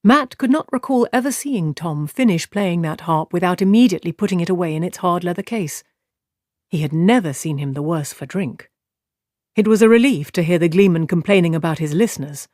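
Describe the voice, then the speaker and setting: A man's voice: sits high, expressive, brisk, darkish tone, no echo. Man narrating an audiobook, dry sound.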